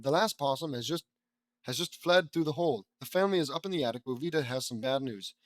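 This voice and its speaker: A young man reading a fan fiction audiobook aloud, stumbling over words and mocking the text in casual asides, louder on character lines. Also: mid-range voice, fast talker, no echo. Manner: flat tags, bursts louder on character lines.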